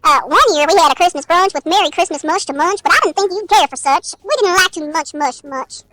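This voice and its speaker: Very high, bright-voiced woman reading tongue twisters. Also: fairly quick. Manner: giggly, self-mocking, stumbling on tongue twisters. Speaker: storyteller. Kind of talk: reading tongue twisters aloud, playing with accents. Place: virtual world gathering.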